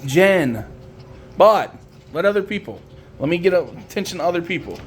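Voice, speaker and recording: A woman films her puppies at home on a phone, her voice leaping from an easy chatty register up into squeaky baby talk and back. Her pitch swings widely. Steady background noise runs under the whole clip. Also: moderate pace, long pauses. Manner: swoops into high baby talk when calling the puppies; fond, chatty, teasing the pups. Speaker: dog breeder filming her puppies. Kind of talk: casual running commentary while filming.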